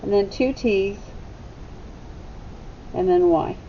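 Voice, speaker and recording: A woman teacher giving a phonics lesson to young children, sounding out letters slowly and deliberately. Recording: slightly dull recording with faint rumble.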